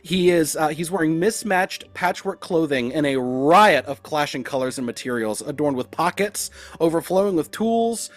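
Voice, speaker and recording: A man narrating as game master of a tabletop game in an animated, rambling way. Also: a little high, moderate pace, hardly any pauses.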